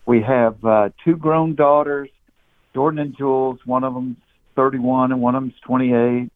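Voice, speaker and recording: A man's voice: medium pitch, steady tone, measured pace. A man in his fifties with a thick Southern Georgia accent, telling stories easily as a guest in a casual interview and laughing often. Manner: easygoing storyteller, laughs often, repeats words when starting. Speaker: comedian guest. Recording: tinny phone line.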